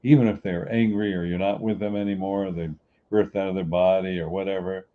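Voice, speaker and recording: A man's voice: low voice, fairly even intonation, a little fast. A middle-aged man hosting a podcast, giving an earnest, repetitive motivational talk in a preachy manner. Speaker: podcast host. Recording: dull lo-fi recording.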